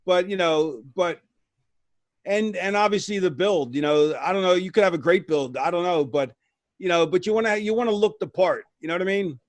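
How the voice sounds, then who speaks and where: A man's voice: high voice, brisk, dry recording. A man guest telling stories in a rambling, casual way, with many restarts. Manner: rambling, restarts, lively retelling with voices. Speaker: retired wrestler guest. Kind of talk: casual storytelling.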